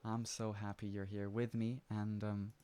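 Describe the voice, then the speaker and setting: A low-voiced man hosting an esports stream, upbeat and animated as he praises the team and signs off. The sound is close and dry, with no room around it. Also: unhurried, clean tone, no room sound. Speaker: esports caster and interview host. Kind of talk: live esports broadcast hosting.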